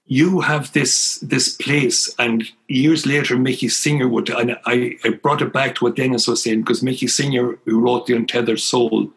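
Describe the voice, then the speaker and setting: An older Irish man with a gravelly, husky voice recounts his years as a priest. He tells his story to an interviewer in an earnest, emphatic way. His voice sits at an everyday pitch for a man. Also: poor audio. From Ireland.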